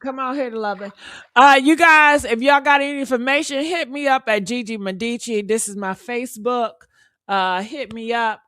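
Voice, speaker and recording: Woman, livestream host, casual chat, sassy, teasing, high-ish voice, dry sound. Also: moderate pace, sharp tone, dry recording. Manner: sassy, teasing, laughs often. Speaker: live show host.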